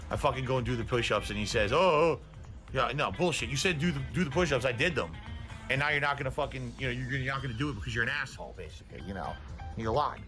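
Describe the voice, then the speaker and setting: A man's voice: mid-range voice, sharp tone. A middle-aged man live streaming, ranting in a profane, combative, indignant way, winded and out of breath. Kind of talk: ranting livestream talk.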